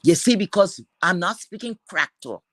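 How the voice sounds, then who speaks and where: A woman's voice: fairly low pitch, animated, normal speed, dry recording, low-quality recording. A woman with a Caribbean accent ranting to her viewers in a scornful, profane way, repeating words for emphasis. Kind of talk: angry rant to viewers.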